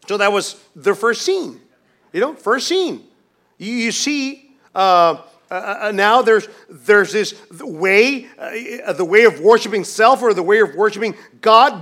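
A man preaching a sermon as pastor, swinging from hushed, quiet lines to loud, emphatic ones, with many restarts. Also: sits high.

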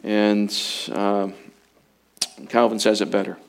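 Low, slow-speaking male preacher. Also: little pitch movement, gravelly, clear, resonant tone. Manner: earnest, slows and swells for emphasis, drops low and quiet. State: emotional, fighting to get through. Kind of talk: sermon.

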